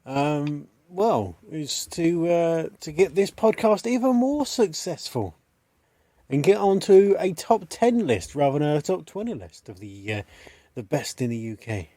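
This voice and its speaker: A man co-hosting a comedy podcast, halting and full of fillers. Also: fairly high pitch, expressive, warm tone, no room sound. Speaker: co-host. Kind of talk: bantering comedy podcast chat.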